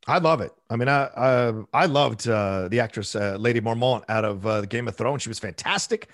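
A man's voice: medium pitch, moderate pace, fairly bright tone, no echo, studio quality. A man guest on a film podcast, talking with passion and emphasis. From Latino (US). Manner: passionate, emphatic, preachy asides. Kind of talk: casual podcast chat.

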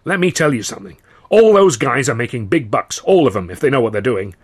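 A man voicing a brash, fast-talking film studio boss who boasts loudly in a salesman's patter, in an audiobook. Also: mid-range voice, very animated, husky. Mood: boastful. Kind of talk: audiobook character voice.

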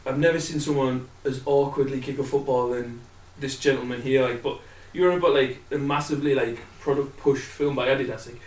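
A man's voice: mid-range voice, fairly even intonation, fairly quick, far from the mic. A man co-hosting a casual film podcast, sweary and full of fillers. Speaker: podcast co-host. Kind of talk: casual film review banter. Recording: echoey room, off-mic.

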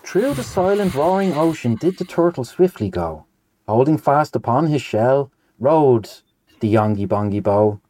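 A man's voice: medium pitch, a little slow, slight background noise. A man co-hosting a casual show, chatting playfully and then reading a nonsense poem aloud. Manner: lively, playful.

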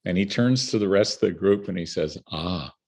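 Briskly and in a low, gravelly voice, an older man from Canada tells vivid stories as a conversation guest, with a little hiss or hum in the audio. He's animated and laughs between anecdotes.

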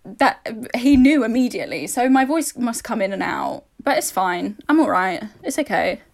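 A young woman from northeast London with a softened London accent, co-hosting a podcast in casual chat and telling animated stories. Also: fairly high pitch, moderate pace, creaky. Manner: chatty, animated storyteller who mimics others. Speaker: podcast co-host.

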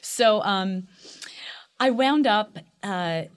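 A middle-aged woman with a Long Island accent, chatting as an actress guest in a casual interview, animated and full of fillers. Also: mid-range voice, very slow, smooth. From Long Island, New York.

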